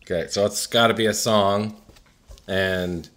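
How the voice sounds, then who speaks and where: A man's voice: fairly low pitch, steady tone, measured pace, a bit bright. A man co-hosting a casual podcast, telling stories loosely with frequent laughs and some swearing. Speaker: podcast co-host. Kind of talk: casual chat.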